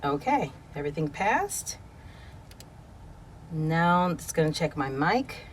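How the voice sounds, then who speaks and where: A woman voice actor talking casually through her home recording process, explaining each step in a quiet room on a studio microphone. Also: deep voice, big pitch swings, takes it slowly, a little hiss or hum. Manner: explanatory, chatty, self-correcting. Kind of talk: casual screen walkthrough. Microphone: studio condenser microphone.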